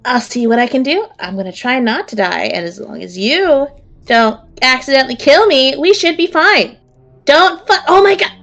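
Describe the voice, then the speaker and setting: A woman voicing a tired, foul-mouthed female halfling fighter who complains in quick bursts. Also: sits high, lively intonation, fairly bright tone, voice pushed up. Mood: frantic. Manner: exasperated, swearing, quick complaints.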